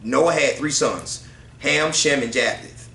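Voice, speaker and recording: Male study leader, casual and conversational, keeps asking the room "right?", bright voice in an echoey space. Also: medium pitch, takes it slowly, creaky, slight background noise. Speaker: teacher leading a group study. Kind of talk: religious group study, reading aloud from books.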